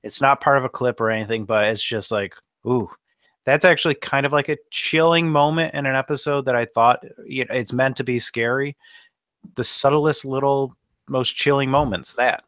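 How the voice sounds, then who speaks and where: A man's voice: medium pitch, fairly even intonation, normal speed, fairly bright tone, no room sound, studio quality. A man co-hosting a podcast, chatting casually about an episode in an enthusiastic, nerdy way. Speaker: podcast co-host. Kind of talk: casual chat.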